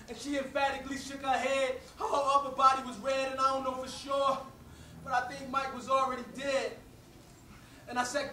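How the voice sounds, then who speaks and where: A man's voice: very high-pitched, bright, forceful tone, a little hiss or hum. A man performing spoken-word poetry with an intense, rhythmic rhyming delivery. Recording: roomy, distant, faint ambience.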